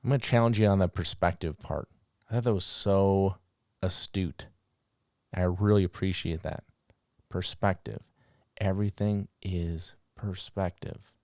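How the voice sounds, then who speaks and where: A podcast host with a low voice talks at a measured pace, casually sharing dog-training stories. He's animated, acting out the commands he called out and the reactions. The recording is dry, with clean studio sound.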